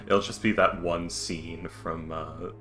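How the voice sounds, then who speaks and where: Man, very low voice, crude joking table chat, clear music underneath. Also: fairly even intonation, slow pace, a bit bright. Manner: joking, crude, laughs often. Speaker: tabletop game player. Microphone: headset or desk mic, online session.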